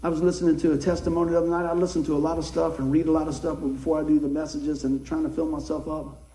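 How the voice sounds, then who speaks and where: Man, preacher, folksy conversational sermon, mellow voice, slightly high, echoey room. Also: level tone, very fast, a little hiss or hum.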